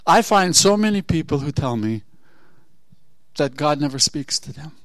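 A man preaching a sermon, telling a Bible story with asides and rhetorical questions, moving from low murmurs to loud exhortation. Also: big pitch swings, normal speed, no echo. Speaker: pastor.

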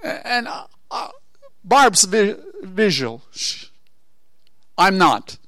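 A man preaching a sermon, telling a Bible story with asides and rhetorical questions, moving from low murmurs to loud exhortation. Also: big pitch swings, extremely slow, no room sound. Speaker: pastor.

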